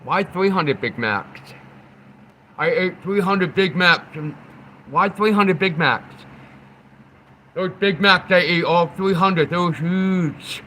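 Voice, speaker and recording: A man's voice: sits high, slow, pauses often, bright, forceful tone, slight background noise, exaggerated voice, poor audio. A man doing an impression of a boastful older male politician who repeats words with heavy stress.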